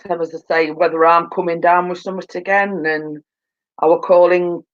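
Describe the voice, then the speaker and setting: A woman hosts a casual livestream from her phone, her low-leaning voice flat and the audio dull. Tired and coming down with a cold, she rambles at normal speed, leaning on fillers and repeating phrases.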